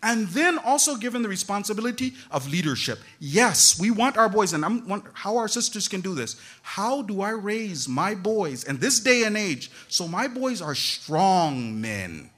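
A woman giving an animated religious talk to a gathering, talking straight to her listeners with frequent asides. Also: mid-range voice, moderate pace, hardly any pauses. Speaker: religious lecturer.

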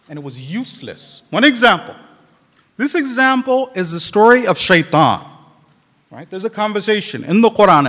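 A man preaching a sermon to a congregation, animated and quoting Arabic scripture. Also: high-pitched, in a large hall. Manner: animated, acts out quoted dialogue.

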